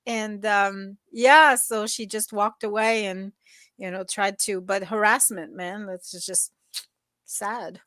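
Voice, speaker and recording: A woman co-hosting a casual morning chat, talking in a relaxed, rambling way with many restarts. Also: medium pitch, takes it slowly, no room sound, clean studio sound. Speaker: co-host.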